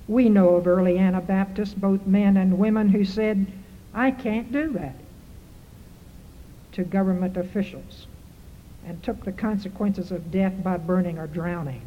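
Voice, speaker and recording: Slow-speaking woman preaching in a hall. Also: mid-range voice, slight background noise. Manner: rhetorical, repeating questions. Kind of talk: sermon. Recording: muffled hall recording with reverb.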